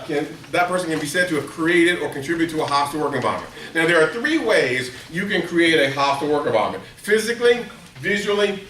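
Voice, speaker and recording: A man's voice: recorded from a distance, a little hiss or hum. A middle-aged man presenting a workplace training seminar to a live room, telling stories and asking the audience questions. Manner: storytelling, asks the audience questions, acts out quotes in a high excited voice. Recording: echoey room, speaker away from the mic.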